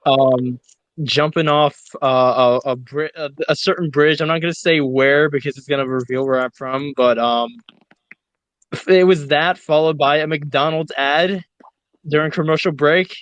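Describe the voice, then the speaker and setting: A man with a fairly high voice rambles through a casual story and swears freely as he goes. His sound is close and dry, with no room around it. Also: a little slow, no echo, highs cut off. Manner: rambling, heavy swearing, animated retelling. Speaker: audio chat participant.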